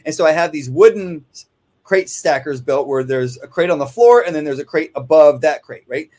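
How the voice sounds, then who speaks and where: Guy explaining dog training, kinda high voice, rambly and chatty, keeps saying right. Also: expressive, normal speed, a little mellow. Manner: rambling, conversational, frequent "right?" asides. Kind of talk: casual instructional talk. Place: kennel office.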